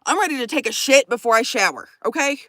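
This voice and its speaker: Lively high-pitched woman vlogger. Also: fast talker, dry recording. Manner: profane, animated storytelling with quoted voices. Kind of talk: casual storytime chat.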